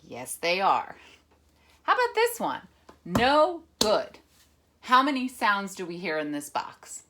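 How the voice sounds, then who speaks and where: A woman teacher reading a picture book aloud with lively emphasis, then patiently explaining a rhythm lesson. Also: medium pitch, a little slow, noisy background. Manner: animated, expressive reading with dramatic emphasis; patient, encouraging classroom explanation. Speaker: music teacher.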